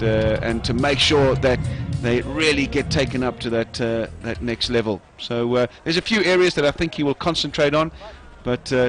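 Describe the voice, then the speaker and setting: A man giving live cricket commentary in a measured way, often pausing with "uh" between phrases. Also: mid-range voice. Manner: measured, frequent "uh" pauses.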